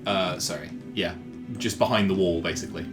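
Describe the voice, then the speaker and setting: A man running a tabletop game as game master, relaxed and casual, often laughing as he describes the action. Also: low voice, brisk, music in the background.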